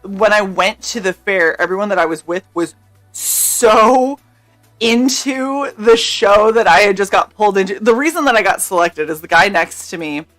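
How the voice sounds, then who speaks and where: Young woman on stream telling a wild story, laughs a lot, swears, mid pitch, bit of quiet music behind. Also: normal speed. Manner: animated, laughing, swears freely, acts out quotes. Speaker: streamer co-host. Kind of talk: casual storytelling chat.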